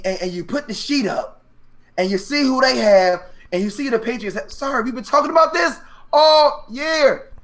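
A man co-hosting a casual sports chat, telling stories with energy, acting out players' reactions and laughing often. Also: extremely high pitch. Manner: animated storytelling, acts out players' reactions. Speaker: sports podcast co-host.

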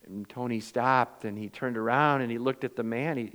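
A man's voice: mid-range voice, steady tone, moderate pace, hardly any pauses, in a large hall. Man preaching with dramatic volume swings. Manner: dramatic swings from loud emphasis to hushed near-whispers; acts out quoted voices in storytelling. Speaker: pastor. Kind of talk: sermon.

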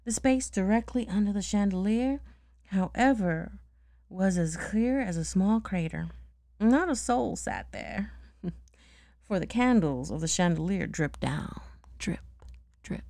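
A woman's voice: mid-range voice, lively intonation, unhurried, vocal fry, warm tone, no echo, clean studio sound. A woman casually reading a storybook aloud, stopping to check words and laugh at her own slips. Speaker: bedtime story reader.

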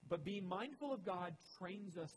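A man preaching a sermon as pastor, with animated emphasis that rises and drops. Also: high-pitched, normal speed, a little hiss or hum, rough recording.

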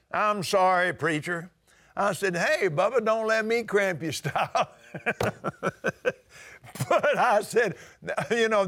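An older man preaching a sermon in a folksy storytelling way, now and then rising to a shout. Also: sits high.

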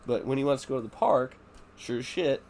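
A man's voice: medium pitch, a little fast, a little mellow. A man chatting casually as a podcast host, peppering his stories with swearing. He slips into his children's voices when retelling moments with them. A faint hiss sits under the recording. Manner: swears a lot, acts out his kids' voices. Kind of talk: casual chat.

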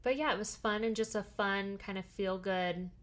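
An easygoing young adult woman co-hosting a podcast in casual chat. She talks in a middle-pitched voice, with frequent ums as she explains things. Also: moderate pace, a bit bright. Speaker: podcast co-host.

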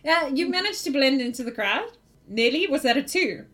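Woman game master narrating a tabletop session; playful, laughs easily, fairly high voice. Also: moderate pace. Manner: lively, laughs often.

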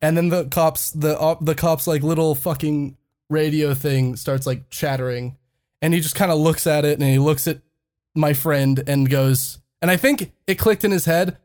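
A man's voice: a little high, fairly even intonation, normal speed, a little mellow. A young man casually telling a funny story on a podcast, swearing freely and laughing often as he talks. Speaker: podcast host.

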